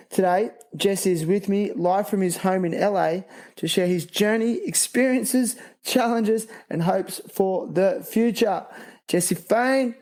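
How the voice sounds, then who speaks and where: Sitting high in pitch with a warm tone, this man hosts a relaxed podcast interview, handling sponsor reads and talking in easygoing surfer slang.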